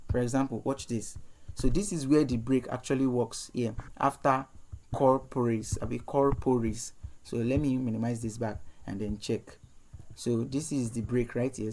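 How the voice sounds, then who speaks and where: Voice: mid-range voice, a little mellow, a little hiss or hum. A web development instructor talking through a screen-share coding lesson, chatty and thinking aloud with fillers and self-corrections.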